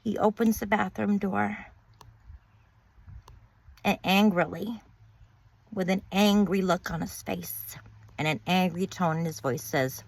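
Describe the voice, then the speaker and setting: A woman's voice: mid-range voice, slow, gravelly, pauses often, darkish tone. A woman telling her own story of betrayal in a bitter, emphatic way, repeating words and swearing. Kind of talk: personal storytelling monologue.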